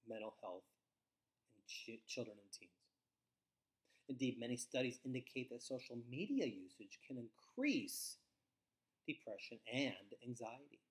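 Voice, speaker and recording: A middle-aged man giving a scripted training webinar for foster care staff, speaking in a measured, emphatic way with falling sentence endings. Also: medium pitch.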